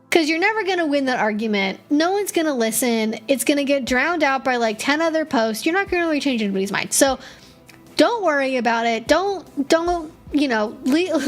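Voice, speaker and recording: A woman hosting a live-stream Q&A as a kink educator, chatty and rambling, with many fillers and short laughs. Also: sits high.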